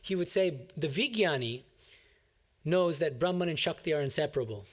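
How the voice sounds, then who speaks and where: Animated monk teaching a scripture class. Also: male voice, a little high, normal speed. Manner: animated, explanatory, emphatic. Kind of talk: classroom commentary on a scripture reading.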